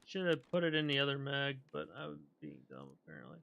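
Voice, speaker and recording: A man streaming a game, rambling in casual commentary as he thinks aloud and often clears his throat. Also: medium pitch, huge pitch swings, quick pace, a bit bright, highs cut off, a little hiss or hum.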